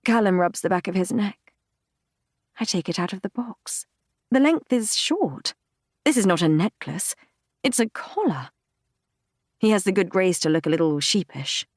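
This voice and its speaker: A woman with a mid-range voice narrates a fantasy romance audiobook in the first person. Her reading is measured, intimate and unhurried. The close studio recording is completely dry. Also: mid-range voice, expressive, dry recording. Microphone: close studio mic, dry.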